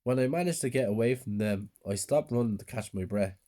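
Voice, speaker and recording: A man's voice: medium pitch, a little fast, warm tone. A man narrating a horror story in a subdued, plain storytelling way.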